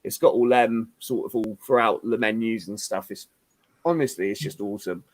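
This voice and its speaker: A man's voice: fairly low pitch, normal speed, no room sound. A man chatting casually as a regular on a panel show, rambling and swearing with lots of filler words. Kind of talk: casual banter.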